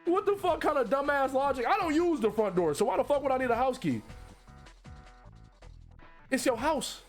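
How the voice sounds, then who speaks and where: High-voiced man ranting, laughing. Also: big pitch swings, normal speed, pauses often, soft background music. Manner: profane, incredulous, laughs often. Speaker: streamer reacting to online posts. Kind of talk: casual reaction commentary, reading posts aloud.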